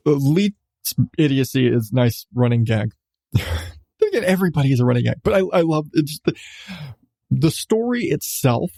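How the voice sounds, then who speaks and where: A man's voice: mid-range voice, vocal fry, darkish tone, dry recording, clean studio sound. A male podcast host in casual chat, enthusiastic about what he reviews, laughing often and restarting his sentences.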